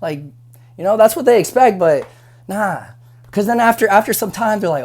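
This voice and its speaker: A man's voice: sits high, brisk, a little mellow. Frank young man giving casual advice. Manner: conversational and frank, with many fillers and repeated words. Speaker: restaurant busser.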